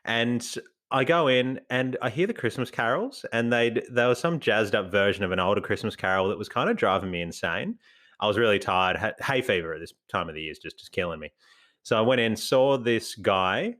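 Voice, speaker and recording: A man's voice: on the low side, brisk. A man with an Australian accent, co-hosting a casual podcast chat and telling stories with lots of laughter. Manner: animated storyteller, laughs often, acts out voices. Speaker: podcast co-host.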